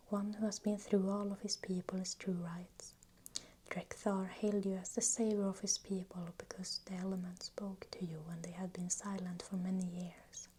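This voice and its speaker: A woman voicing a deep-voiced male elder shaman who speaks in a measured, diplomatic way, in a whispered role-play. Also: dark tone, slightly rough, close to an everyday voice.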